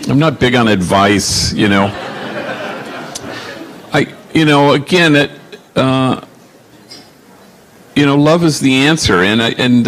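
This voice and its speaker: A man in his sixties, a Jesuit priest answering audience questions, telling stories in a reflective, halting way with many fillers. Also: mid-range voice. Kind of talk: Q&A storytelling.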